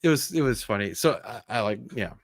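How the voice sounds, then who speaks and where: A man hosting a casual live chat, telling a story with lively bursts and frustrated sighs. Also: lowish voice, brisk, no echo, clean studio sound. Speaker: host.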